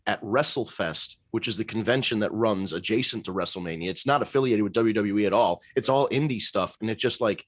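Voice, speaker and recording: A man hosting a casual comedy podcast, telling stories in an animated way. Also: on the low side, a little fast, few pauses. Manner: animated storyteller.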